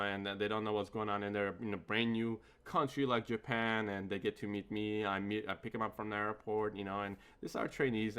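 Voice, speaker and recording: Bright-voiced man telling a story. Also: mid-range voice. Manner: rambling, with many fillers and frequent laughs. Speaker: gaming channel host. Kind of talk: storytelling vlog.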